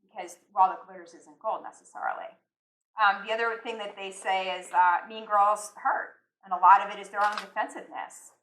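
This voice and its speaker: A woman's voice: medium pitch, fairly even intonation, fairly quick, fairly bright tone. A middle-aged woman giving a candid, conversational talk to a small live audience and acting out the voices she quotes. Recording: roomy, mic at a distance.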